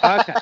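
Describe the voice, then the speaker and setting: A man's voice: sits high, lo-fi sound. An English man chatting casually on a podcast, laughing often and repeating words as he goes. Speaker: podcast co-host. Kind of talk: casual chat.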